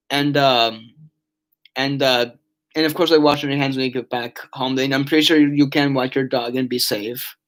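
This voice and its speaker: A tired young man chatting on a casual live stream, reading chat aloud and rambling with many restarts and fillers. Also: a little high. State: yawning, tired.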